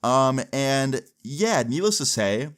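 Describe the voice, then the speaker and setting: This young man tells a story casually, leaning on constant fillers as he goes. His pitch sits in an ordinary middle range for a man. He talks the way people chat with friends. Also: big pitch swings, slow pace, a bit bright. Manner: chatty, heavy with "like" and "you know" fillers.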